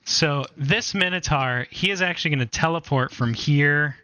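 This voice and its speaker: A man's voice: on the high side, moderate pace, pushed and bright, smooth, no room sound. A man running a tabletop game as game master, playful and teasing, often laughing.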